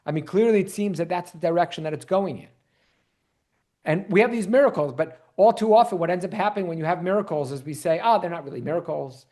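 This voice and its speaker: A man's voice: sits high, fast. A man, a rabbi, teaching an online Bible class and quizzing his listeners. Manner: animated, quizzes the audience.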